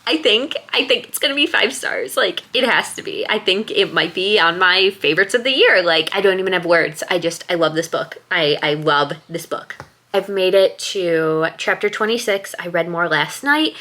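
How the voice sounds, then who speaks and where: A young woman in a casual home vlog, gushing excitedly about a book she loves, full of "like" and "oh my God.". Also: lowish voice. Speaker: book vlogger. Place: at home, bathroom after shower.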